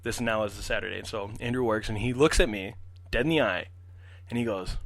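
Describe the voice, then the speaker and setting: A man in his twenties, a podcast guest, telling a story in an animated, profane way and acting out the quotes. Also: lowish voice, fairly quick, gravelly, dry recording. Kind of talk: casual storytelling.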